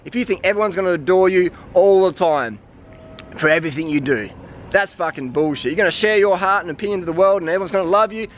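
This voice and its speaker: A man with a notably high voice delivers a blunt, swear-filled monologue. He talks straight at the camera in a preachy, heated way. Faint street and traffic noise sits behind him outdoors. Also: fast talker. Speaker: vlogger. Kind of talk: ranting vlog monologue.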